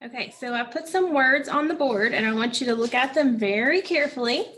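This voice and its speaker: A woman teaching a phonics lesson, saying each word slowly and repeating it several times. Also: sits high, fairly bright tone. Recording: echoey room from a distance.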